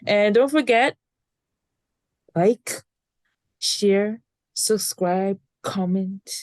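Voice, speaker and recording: A woman's voice: mid-range voice, very slow, a little mellow, dry recording. A young woman in her twenties co-hosting a casual podcast, a little tired and rambling, with frequent restarts. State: tired, yawning. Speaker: podcast co-host.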